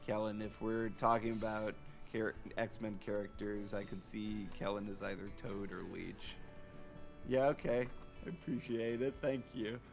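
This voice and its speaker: Man, laid-back stream co-host, unhurried, gravelly, reads chat aloud. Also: lowish voice, fairly even intonation, faint music behind. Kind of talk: casual livestream chat.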